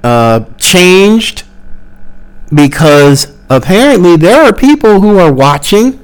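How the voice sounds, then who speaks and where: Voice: medium pitch, big pitch swings, slow, clean tone. A political commentary host talking solo, emphatic and exasperated, repeating words for stress.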